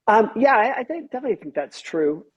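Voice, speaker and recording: A middle-aged man talks as a podcast guest in a slightly high, husky voice. He explains his points with lively stories and slips into acted-out quoted lines. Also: quick pace. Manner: animated storyteller who acts out quoted voices. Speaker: guest therapist and author. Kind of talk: podcast interview.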